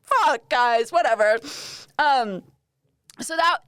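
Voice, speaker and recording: Chatty Australian woman, high and smooth. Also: expressive, slow pace, a bit bright, no echo, clean studio sound. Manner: rambling, self-mocking, swears freely. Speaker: podcast host. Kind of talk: casual solo podcast chat.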